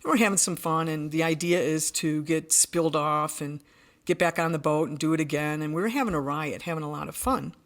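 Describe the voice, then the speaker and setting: A woman's voice: deep voice, a little fast. Earnest woman recounting a vivid story. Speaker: podcast guest. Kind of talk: telling a personal story in conversation.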